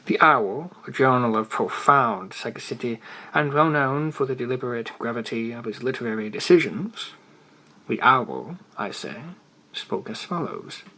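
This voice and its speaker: A man reading a classic story aloud in one unedited take, expressive and theatrical, with loud emphases and soft asides. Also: medium pitch, normal speed, poor audio. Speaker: reader of classic stories.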